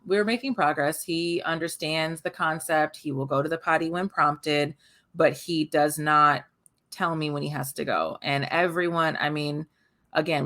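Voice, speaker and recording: A woman in her thirties co-hosting a podcast, chatting candidly and casually. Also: fairly bright tone. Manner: candid, chatty, often quotes her toddler in a high voice. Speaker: podcast co-host.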